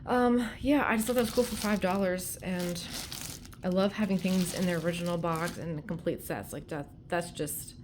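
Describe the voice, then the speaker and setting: A woman's voice: lowish voice, moderate pace, noisy background. Chatty woman rambling through a thrift haul. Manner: chatty, rambling, frequent ums and likes. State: out of breath. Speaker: vlogger showing a thrift haul. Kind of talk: casual chat to camera. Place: at home. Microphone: phone held in hand.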